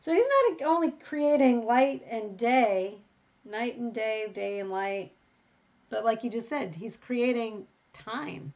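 A woman talking through a Bible passage in casual conversation, reading verses aloud and thinking out loud. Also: fairly high pitch, takes it slowly, lo-fi sound. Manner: thinks aloud, reads scripture, animated when surprised. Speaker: Bible study co-host. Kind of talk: casual Bible study discussion.

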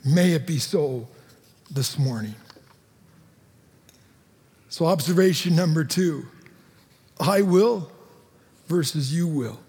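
A male pastor giving a sermon, earnest and sing-song, dropping to quiet emphasis. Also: fairly high pitch, animated, takes it slowly, long pauses, slightly rough. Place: church sanctuary. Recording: long hall reverb.

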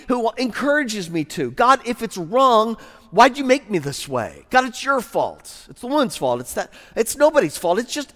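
A preacher acting out a whiny Adam shifting blame. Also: male voice, high-pitched, fairly bright tone, in a large hall, pitched above the performer's own voice. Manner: pleading, self-justifying, rising to a whine. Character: whiny first man Adam, blaming everyone.

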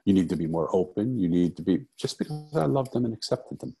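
A man's voice: deep voice, animated, a little fast, vocal fry, mellow, breathy edge, soft background music. A middle-aged man telling a personal story as an interview guest, earnest and reflective, repeating phrases for emphasis. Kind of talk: conversational storytelling.

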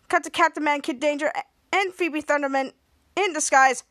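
Brief: high-voiced woman podcaster, rambling recap, dry close sound. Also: moderate pace, fairly bright tone, no echo. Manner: rambling with restarts. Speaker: podcast host. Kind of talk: episode recap narration.

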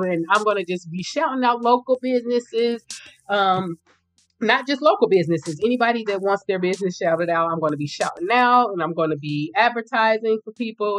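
Woman podcast host, informal, chatty, medium pitch. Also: no echo, rough recording. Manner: chatty, informal, addresses listeners as y'all. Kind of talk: casual solo podcast talk.

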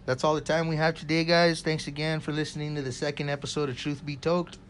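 A man's voice: on the high side, fast talker. A man co-hosting a podcast, telling a story in casual, profane chat and calling everyone bro. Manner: profane, says bro constantly; excited, loud storytelling. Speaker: podcast co-host. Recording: faint background noise.

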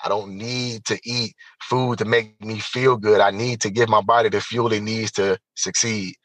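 A man telling a personal story as an interview guest, animated and emphatic, speaking straight to the listeners. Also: on the low side, moderate pace, dry recording, poor audio.

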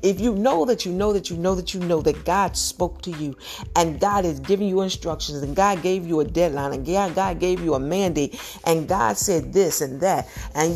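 A woman's voice: lowish voice, creaky, darkish tone. A woman preaching a sermon on a podcast, firing off rhetorical questions and building to emphatic, urgent peaks. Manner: exhorting with rapid rhetorical questions.

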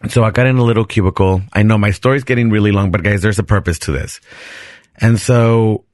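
A man hosting a podcast, telling a personal story in an animated, chatty way with frequent restarts. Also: on the low side, brisk, dry recording, clean studio sound. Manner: animated, chatty, restarts sentences and laughs often. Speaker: podcast host. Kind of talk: casual storytelling.

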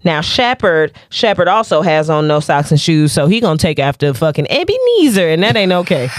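A woman co-hosting a podcast talks in a lively voice that rises and falls as she tells a story. She is profane and laughs often, and she slips into silly voices along the way. She is recorded close on a dry, dead mic. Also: fairly low pitch, brisk, no echo. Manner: animated, profane, laughs a lot, mimics voices. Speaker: podcast co-host. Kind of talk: casual comedic chat.

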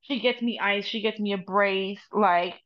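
A woman's voice: medium pitch, steady tone, measured pace. A woman with a New Jersey accent telling a story in casual, profane chat as a podcast guest, dropping Spanish phrases. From United States. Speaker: podcast guest, Reiki master and tarot reader. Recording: dull lo-fi podcast audio.

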